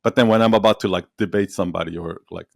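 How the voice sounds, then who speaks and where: A man's voice: sits low, fairly even intonation, fast, creaky, dry recording, clean studio sound. A man speaking as a guest in a casual interview, telling stories animatedly, acting out quotes and laughing often. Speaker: podcast guest, entrepreneur and storyteller.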